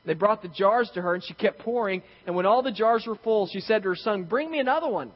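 A man preaching a sermon as pastor of his church, animated and acting out quotes. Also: high voice, fairly quick. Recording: reverberant hall, dull lo-fi sound.

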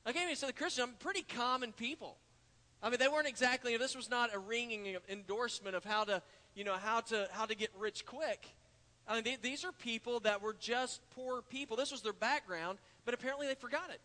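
The preacher here has a very high-pitched, bright voice with a forceful tone and a brisk pace, delivering an earnest sermon in a church sanctuary. Expect frequent "uh" fillers and restarts as he builds toward emphatic points, under long church hall reverb.

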